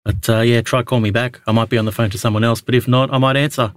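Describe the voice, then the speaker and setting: A man's voice: medium pitch, little pitch movement, quick pace, no echo. An Australian man hosting a podcast call-in show, chatting in a laid-back, matey way. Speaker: podcast host. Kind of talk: casual call-in chat.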